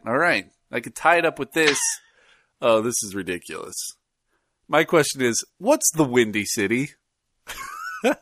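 A man hosts a casual podcast, rambling and laughing as he goes. His voice swings widely in pitch. The sound is dry and close. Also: dry recording. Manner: laughs often, animated and rambling. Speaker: podcast co-host. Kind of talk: casual chat.

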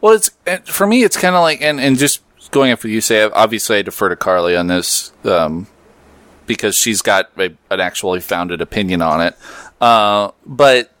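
A man's voice: lowish voice, normal speed, a bit bright, smooth, dry recording. A man hosting a podcast, chatting casually, joking and reading out listener messages. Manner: loose, joking, laughs easily. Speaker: podcast host.

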